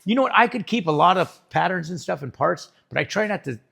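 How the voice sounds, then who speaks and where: A man's voice: sits high, fast, vocal fry, breathy edge. A middle-aged man who builds cars, giving a casual tour of his workshop and telling stories, acting out the voices he quotes. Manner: animated storyteller, acts out quoted voices. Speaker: woodie car builder. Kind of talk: casual shop tour chat. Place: indoor workshop.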